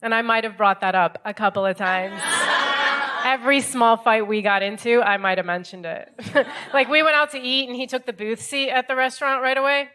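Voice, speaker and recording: An American woman in her thirties performing stand-up comedy in a club, wry and deadpan, acting out other people's lines. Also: on the high side, a little fast, noisy background. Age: 30s.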